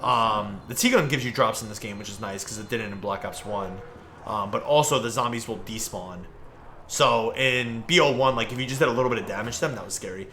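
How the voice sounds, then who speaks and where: A young man talks through his gameplay in a loose, rambling way, dropping "like" and "bro" into nearly every sentence. His voice is bright and forward, with a faint hiss of noise underneath. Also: on the low side, a little fast. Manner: laid-back, rambling, heavy use of "like" and "bro". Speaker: gaming streamer. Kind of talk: casual gameplay commentary chatting with viewers.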